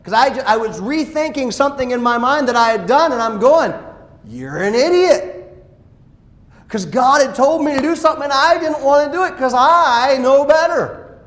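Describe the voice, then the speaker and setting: A male pastor preaching a sermon, dropping to quiet asides and rising to loud exclamations. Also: very high-pitched, a little fast. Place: church sanctuary. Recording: echoey church hall.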